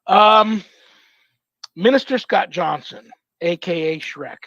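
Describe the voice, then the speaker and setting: A man's voice: high voice, animated, slow pace, pushed and bright, no echo. Effusive male host, muffled lo-fi sound. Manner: effusive, affectionate. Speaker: show host. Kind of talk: casual sign-off chat with guests. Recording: dull lo-fi sound.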